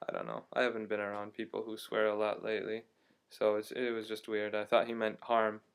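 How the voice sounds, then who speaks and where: A young man casually telling a story to his camera at home, chatty and animated, with many fillers. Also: on the low side, brisk, gravelly, clean tone. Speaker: vlogger.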